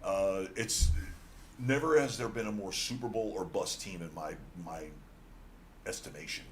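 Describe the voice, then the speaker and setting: A man's voice: low voice, measured pace, slight background noise. A man co-hosting a sports radio show, blunt and teasing as he argues over football picks. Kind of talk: casual sports betting talk.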